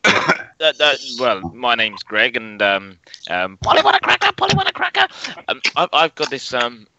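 A man's voice: mid-range voice, huge pitch swings, moderate pace, gravelly, bright, forceful tone, muffled recording, a little hiss or hum, heavily acted. A man in an improv scene playing a nervous man who stammers and breaks into squawking parrot calls. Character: nervous man addicted to bad bird calls. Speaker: improv player.

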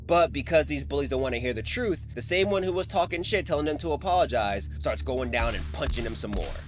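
A man's voice: on the high side, expressive, fairly quick, hardly any pauses. A man giving a casual, slang-filled recap of a comic story, emotionally invested in the hero. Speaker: manhwa recap creator.

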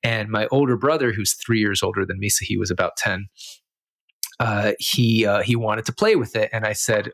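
A man's voice: lowish voice, fairly even intonation, normal speed, a bit bright, no echo. A man who grew up in Israel, a podcast guest telling a childhood story in a rambling, self-amused way with many fillers. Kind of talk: casual storytelling.

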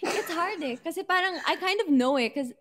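A woman's voice: extremely high pitch, expressive, brisk, a loud crowd. A young woman with a Filipino accent, chatting casually and hesitantly on a live stream, switching between English and Tagalog and giggling often. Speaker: guest.

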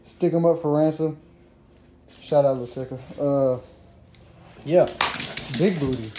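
A man's voice: fairly high pitch, unhurried, long pauses, background noise. A young man talking casually in a vlog, laid-back, with lots of repeated slang fillers. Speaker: vlogger.

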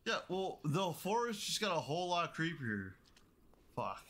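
A man's voice: fairly high pitch, sing-song, unhurried, fairly bright tone. A man streaming a horror game live, reacting with nervous, profane commentary.

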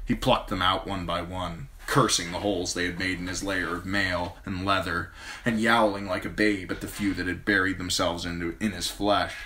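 A man narrates a fantasy audiobook in a steady, even manner. His voice is low-pitched yet bright and forward. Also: normal speed, a little hiss or hum. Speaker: amateur audiobook reader.

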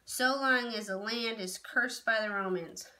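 A woman's voice: unhurried, sharp tone, poor audio. A woman muttering as a grim, hate-filled young man. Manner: low, muttering. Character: young man full of hatred, brooding.

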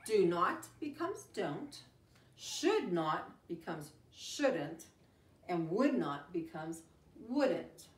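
Slow, sing-song woman teacher reading aloud. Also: on the low side. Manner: animated, gasping and exclaiming, speaks slowly and sing-song to young children. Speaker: teacher reading a picture book to children. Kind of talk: storytime read-aloud lesson. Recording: roomy, from a distance.

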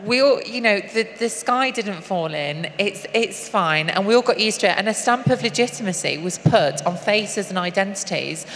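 Woman guest, mid-pitch, earnest and halting, live stage with hall echo and faint hiss. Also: animated, fairly bright tone. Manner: earnest, halting with frequent restarts. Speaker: activist and guest. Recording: long hall reverb, faint noise.

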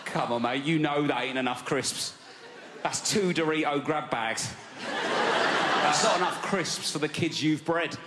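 Cheeky South East London comic. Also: male voice, a little high, measured pace, heavy background noise. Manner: brash, cheeky, punchy. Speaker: stand-up comedian. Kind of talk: stand-up routine. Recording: live club, loud crowd laughter.

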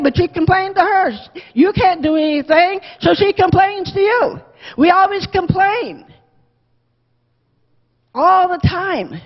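A woman teaching a Bible lesson to a Sunday school class, lively, acting out the quotes and asking the class questions. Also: very high-pitched. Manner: animated, acts out quotes, asks class questions. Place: church classroom. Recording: dull lo-fi with long church reverb.

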